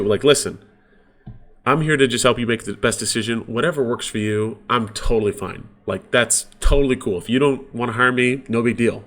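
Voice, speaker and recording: A man's voice: medium pitch, a little fast, a bit bright. A man coaching real estate agents in a casual, conversational sales training talk. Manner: casual, conversational, uses sports examples.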